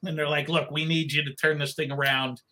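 A middle-aged man tells a long story in a bright, slightly high voice. He rambles and often restarts his sentences, and he acts out what other people said. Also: little pitch movement, a little fast. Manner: rambling, with many restarts and acted-out quotes. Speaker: guest, book cover artist. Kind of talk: casual storytelling anecdote.

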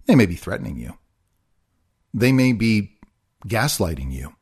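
A man's voice: fairly low pitch, sing-song, measured pace, a little mellow, husky. Earnest man hosting a confessional podcast. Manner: earnest, confessional, repetitive phrasing. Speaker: podcast host. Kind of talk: solo podcast monologue.

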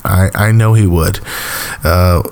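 Man, lowish voice, casual TV recap, rambling, lots of ums. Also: fairly even intonation, slow pace, gravelly. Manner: rambling, filler-heavy, chuckling. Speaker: TV recap host.

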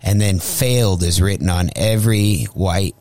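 A man's voice: low-pitched, moderate pace, no echo. A male comedian telling a profane comic story as a guest, acting out the voices he quotes. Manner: animated, acts out quoted voices. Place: radio studio.

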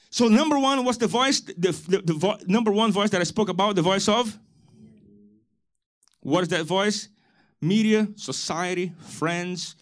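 A man preaching a church sermon, building to loud, emphatic calls to the congregation. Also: fairly high pitch. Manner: preaching with rising shouted emphasis and call-and-response. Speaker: pastor.

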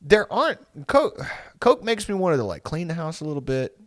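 A man's voice: a little high, very animated, moderate pace, dry recording, studio quality. A young man chatting casually, telling rambling stories full of swearing, laughing often and putting on voices for the people he quotes. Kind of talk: casual chat.

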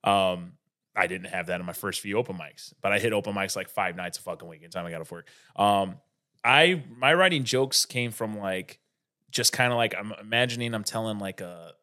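A man's voice: on the low side, moderate pace, pushed and bright. A man, a stand-up comedian, chatting on a podcast in a rambling, profane way with many fillers. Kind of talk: casual podcast chat.

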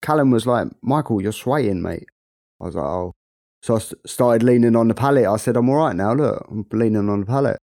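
A man's voice: mid-range voice, quick pace, dark tone, no room sound, studio quality. A man with a London accent co-hosting a podcast, chatting casually and laughing often. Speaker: podcast co-host. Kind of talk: casual chat.

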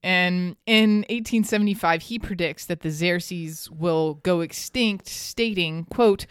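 A woman's voice: on the low side, slow pace, hardly any pauses, clean tone, no echo, clean studio sound. A woman hosting a podcast, telling a local history story in a chatty, casual way and laughing often. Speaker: podcast host.

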